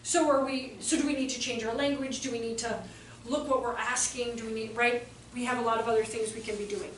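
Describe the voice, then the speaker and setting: High-voiced lady presenter rattling off a lively talk, echoey hall, mic kinda far off. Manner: fast-paced and animated, acts out quotes. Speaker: workshop presenter. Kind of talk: live talk to an audience. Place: hall in front of an audience. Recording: roomy hall, distant mic, faint noise.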